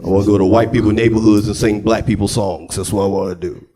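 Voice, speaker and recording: A young man performing a crude, excitable stand-up set, on a comedy club stage with a handheld mic. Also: fairly low pitch, fast talker. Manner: loud, crude, excitable storytelling. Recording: live club with loud crowd. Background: audience laughing.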